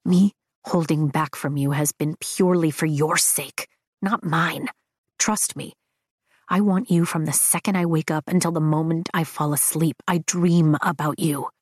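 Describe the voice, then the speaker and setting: A woman voicing a brooding young man, speaking low and slow in hushed tones in an audiobook. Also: steady tone, breathy edge, dry recording, studio quality. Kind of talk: audiobook dialogue.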